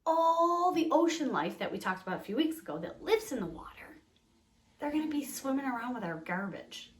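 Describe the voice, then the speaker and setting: A young woman teaching a remote lesson to small children, cheerful and encouraging, speaking slowly and clearly. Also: high voice, very animated, slight background noise. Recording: echoey room.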